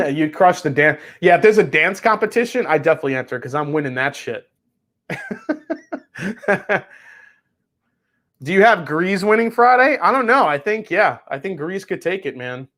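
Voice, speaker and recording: A man's voice: high-pitched, sing-song, measured pace, pauses often, a bit bright. Rambling, swearing whiskey host, man. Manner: rambling, swears freely, reads chat aloud. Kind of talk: casual livestream chat.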